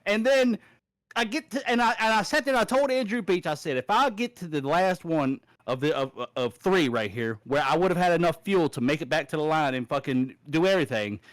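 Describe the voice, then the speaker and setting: A man's voice: a little high, lively intonation, fairly quick, no room sound. A man who races online, ranting angrily after a race and swearing constantly over voice chat. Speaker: sim racing driver. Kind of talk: profane post-race rant.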